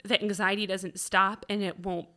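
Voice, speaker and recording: Bright-voiced woman, rambling podcast chat. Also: medium pitch, flat delivery, moderate pace. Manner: rambling, full of "like" and "um". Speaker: podcast co-host. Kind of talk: candid conversational chat.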